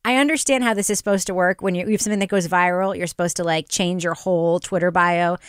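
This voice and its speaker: Woman podcast host, forties, smooth clear voice, animated and laughing. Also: on the low side, fast, dry recording, clean studio sound. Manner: chatty, laughs often, animated storytelling. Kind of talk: casual podcast chat.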